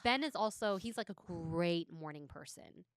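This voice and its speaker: A woman co-hosting a podcast, chatting casually and backing up her friend with quick agreement. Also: on the low side, lively intonation, clean tone, dry recording, studio quality. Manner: supportive listener, quick agreeing backchannels. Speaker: podcast co-host. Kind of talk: casual chat.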